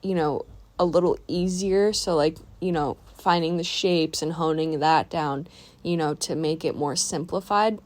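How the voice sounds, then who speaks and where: A woman's voice: low-pitched, unhurried, darkish tone. A young woman from the San Diego area chatting casually in a voiceover about her painting, rambling and talking to herself. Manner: chatty, rambling, self-talk asides. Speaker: art vlogger.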